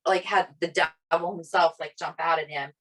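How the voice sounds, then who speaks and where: Speaking at a moderate pace in a fairly low voice, a woman from an Italian family co-hosts a podcast. Her casual personal story is lively, with the people she quotes acted out and "like" used as a frequent filler.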